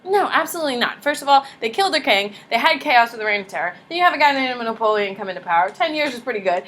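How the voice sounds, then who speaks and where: A young woman teaching a high school history class, lively and casual, joking and chatting with her students between points. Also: rapid-fire. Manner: animated, casual and slangy, jokes with students. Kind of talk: classroom lecture.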